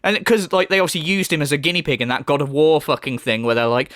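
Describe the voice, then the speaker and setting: Man, high lively voice, swearing, mocking, dry close sound. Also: fast talker, few pauses, no echo. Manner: profane, mocking, exasperated. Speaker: commentary YouTuber. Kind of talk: ranting reaction commentary.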